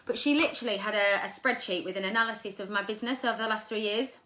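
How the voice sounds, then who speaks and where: A woman giving an energetic motivational talk to her sales team, repeating points and checking in with "okay?". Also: mid-range voice, quick pace.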